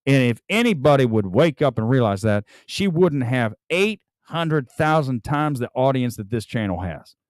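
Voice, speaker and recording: A man doing an impression of a boastful male wrestling promo talker, blustering in a gravelly drawl. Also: mid-range voice, animated, moderate pace, hardly any pauses, no echo, studio quality, close to an everyday voice. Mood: ranting.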